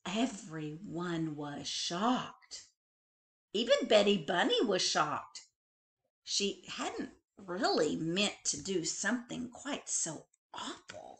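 Woman librarian, slow, lively storybook read-aloud. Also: mid-range voice. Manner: expressive, animated storytelling. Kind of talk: reading a picture book aloud.

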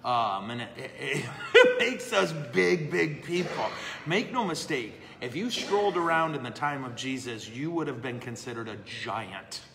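A man's voice: mid-range voice, animated, measured pace, creaky, noisy background. A man, a priest, chatting casually and answering questions live, self-deprecating and laughing often. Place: brewery. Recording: echoey room with long reverb.

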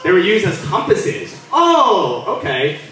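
A man's voice: high-pitched, huge pitch swings, measured pace. A young man doing stand-up crowd work in a comedy club, brash and teasing, laughing between lines. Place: comedy club stage, live audience. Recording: echoey club room from a distance, loud noise.

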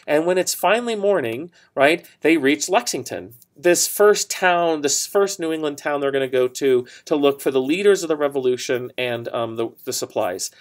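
A man gives a recorded history lecture in a relaxed storytelling way, full of "um", "right?" and small asides. His voice sits a little higher than most men's. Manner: conversational storytelling with fillers and asides. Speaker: history teacher.

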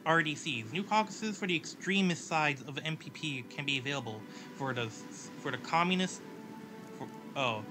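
A man playing a strategy game and chatting about it, musing and thinking aloud as he goes. His voice sits fairly high for a man, and game music plays clearly in the background. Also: lively intonation, moderate pace. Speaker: gameplay commentator and story narrator. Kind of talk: casual game commentary.

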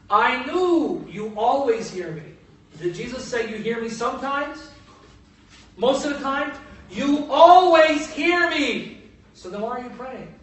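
A man preaching a sermon to an audience, emphatic and building to loud peaks on key phrases. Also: high voice, slight background noise. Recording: echoey room, distant mic.

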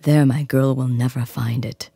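A woman voicing a stubborn, headstrong but kind young fisherman in a storybook reading, speaking softly and earnestly in a breathy, hushed voice. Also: extremely low pitch, fairly even intonation, normal speed, no echo, studio quality, voice pushed down, heavily acted. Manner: earnest, coaxing. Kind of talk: storybook character voice.

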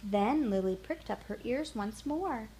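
A woman reading a children's picture book aloud in a gentle, calm bedtime manner. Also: fairly high pitch, a little slow, a little hiss or hum. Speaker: storyteller.

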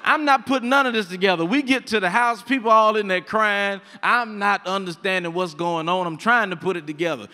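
A man performing stand-up comedy with a high, bright voice that jumps around as he acts out voices. His storytelling is animated, and his voice carries a long reverb from the hall. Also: a little fast, few pauses. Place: comedy stage before a live audience.

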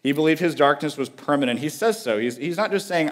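A man giving a sermon as a guest preacher, talking in an earnest, conversational way with emphatic repetition and dropping to a quiet, low voice on key phrases. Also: animated, a little fast.

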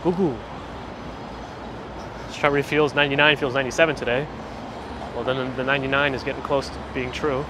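A man's voice: medium pitch, level tone, fast. A man hosting a walking livestream on city streets, chatting casually and reading viewer comments aloud in a perky way. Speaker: livestream host. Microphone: handheld phone gimbal mic. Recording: noisy outdoor street audio. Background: street traffic.

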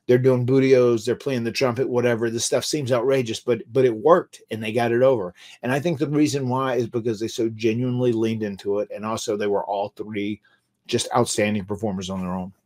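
A man's voice: mid-range voice, fairly even intonation, a little fast, a little mellow. A man with a Southern US accent, hosting a podcast, chatting casually and often restarting his words with little stammers. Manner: stammers on restarts, laughs easily. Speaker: podcast host, former wrestler. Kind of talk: casual chat.

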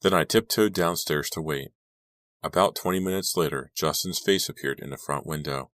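A man narrating a teen horror audiobook in the first person, reading in a steady, measured way. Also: a bass voice, no echo.

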